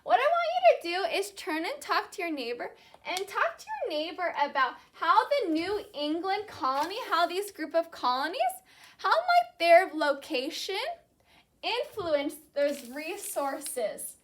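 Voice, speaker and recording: A young woman teaching a class, her voice high and bright. She talks slowly and clearly and repeats each key word so the students can echo it back. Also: very animated. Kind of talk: classroom lesson with call-and-response.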